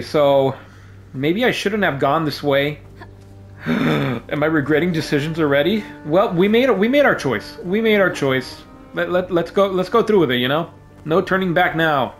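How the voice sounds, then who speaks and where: A gaming YouTuber, his voice on the high side and animated, keeps a moderate pace as he jokes playfully through a game at home. He yelps when startled during this casual let's-play commentary, which is recorded on a desk microphone in a home room.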